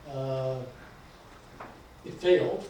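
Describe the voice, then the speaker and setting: A man, an author, talks casually and haltingly about his book at a lecture event. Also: medium pitch. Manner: hesitant, many fillers. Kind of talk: book talk and reading. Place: lecture hall. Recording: echoey hall, mic from far off, faint noise.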